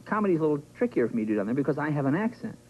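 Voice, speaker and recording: A man from New England hosting a late-night talk show, teasing his guest with quick dry wisecracks. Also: on the high side, very animated, muffled recording. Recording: old TV broadcast tape, loud noise.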